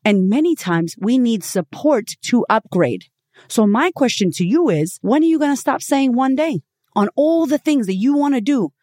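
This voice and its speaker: A woman's voice: a little high, expressive, warm tone, no echo. A woman delivers a motivational podcast talk, blunt and full of swearing. She keeps firing rhetorical questions at the listener and hammers her points with emphatic phrasing. Her voice is dry and close, with no room sound around it. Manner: emphatic, swinging between punchy and drawn-out phrases. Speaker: podcast host.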